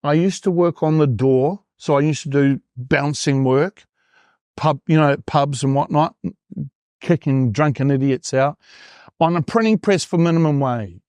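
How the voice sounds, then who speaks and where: Man, New Zealand accent, fifties, lively interview storytelling, higher-pitched voice, dry close sound. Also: unhurried, smooth, no room sound. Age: 50s. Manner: animated storyteller, acts out his own past thoughts. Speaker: performance coach guest.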